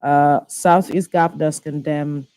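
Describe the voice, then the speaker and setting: A presenter runs through the day's front pages. The headlines come briskly, one after another, in a mid-range voice. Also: medium pitch, steady tone, dark tone, clear, resonant tone. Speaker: newspaper review presenter. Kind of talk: reading headlines.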